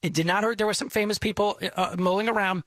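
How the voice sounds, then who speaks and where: A man's voice: high-pitched, steady tone, quick pace, a bit bright, dry recording. A middle-aged man from Texas, telling a rambling, self-deprecating story as host. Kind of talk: casual storytelling.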